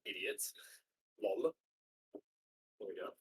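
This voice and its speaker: A man's voice: mid-range voice, moderate pace. A young man chatting casually to a live stream while he cooks, rambling and slangy, swearing and trailing off mid-sentence, sometimes stepping away from the mic. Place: home kitchen.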